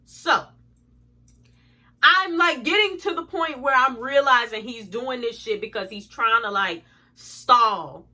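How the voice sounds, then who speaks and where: Young woman venting a storytime, lots of cussing, bright kinda high voice. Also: takes it slowly. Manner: animated, exasperated, swearing freely. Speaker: vlogger. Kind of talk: storytime vlog.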